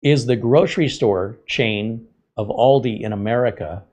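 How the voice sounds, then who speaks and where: A man hosting a tech show, telling a rambling casual story from the US West Coast, chatty and sometimes loud and incredulous. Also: medium pitch, normal speed. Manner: chatty, gets loud and incredulous when joking. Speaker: tech channel host.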